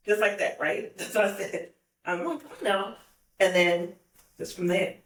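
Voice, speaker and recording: A woman guest on a podcast, telling a personal story in a lively way with frequent laughter. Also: fairly low pitch, normal speed. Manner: animated, laughs often while telling stories. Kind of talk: casual storytelling. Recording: roomy, distant mic.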